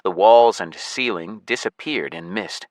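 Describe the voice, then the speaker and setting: A man narrating a science fiction audiobook in the first person with a steady, even delivery. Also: on the low side, unhurried, no room sound.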